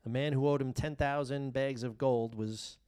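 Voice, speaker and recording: A man preaching a sermon as pastor, reading scripture and explaining it, swinging between loud emphasis and hushed asides. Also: mid-range voice, fairly even intonation, normal speed, clear, resonant tone.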